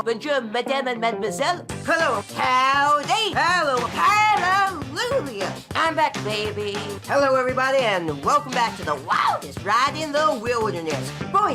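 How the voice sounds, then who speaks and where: A man voicing a zany old male host of a wild show, chattering nonstop in hyper jump cuts over music. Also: extremely high pitch.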